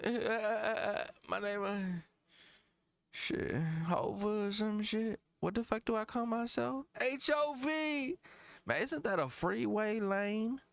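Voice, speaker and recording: A man's voice: sits high, takes it slowly, gravelly, fairly bright tone, clear, resonant tone, dry recording, pitched above the performer's own voice, full character voice. A man putting on the voice of a worn-out, aging male rap star who brags, then gets confused and out of breath. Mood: winded bragging. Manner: breathless, bragging, then bewildered.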